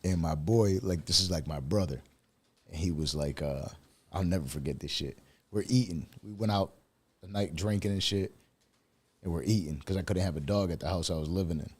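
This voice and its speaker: A man's voice: low voice, fairly quick, slightly rough. A man hosting a casual podcast interview, telling stories animatedly and swearing freely. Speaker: podcast host.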